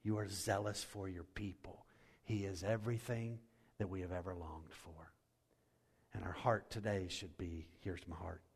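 A male pastor preaching a sermon, swinging from loud and soaring to hushed and slow. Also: sits low, steady tone, slightly rough. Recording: long hall reverb.

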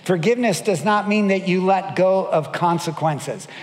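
A male pastor with a high-pitched voice preaches at normal speed, and the sound has a big-room quality. He tells stories, gives voice to the people in them, and frequently asks the audience questions.

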